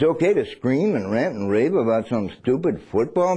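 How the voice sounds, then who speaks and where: A man preaching a sermon. He swings between loud and hushed and acts out little scenes. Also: medium pitch, sing-song, normal speed, husky.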